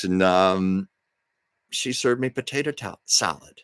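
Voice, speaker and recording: A man's voice: sits low, measured pace, fairly bright tone, smooth, no echo. A man hosting a livestream from home, telling rambling, chatty stories and often correcting himself. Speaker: livestream host. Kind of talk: casual storytelling chat.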